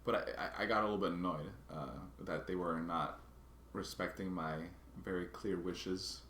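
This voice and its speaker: Brief: deep-voiced man, casual halting vlog narration, echoey room, faint background hiss. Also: a bit bright. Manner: halting, restarts and repeats words while recounting a grievance. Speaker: vlogger.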